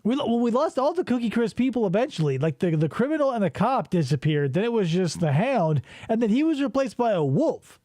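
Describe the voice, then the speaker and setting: A man's voice: high-pitched, brisk, few pauses, no room sound. A man hosting a casual podcast, riffing crudely and animatedly on old commercials. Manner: crude, joking, animated storytelling. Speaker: podcast host.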